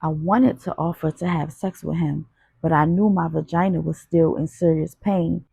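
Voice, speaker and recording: A woman reads a gritty urban audiobook in the first person, her low voice full of gravel and breath. She tells it in a raw, confessional way, recorded close and dry. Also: steady tone, normal speed, warm tone, dry recording. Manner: raw, confessional street storytelling. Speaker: audiobook narrator.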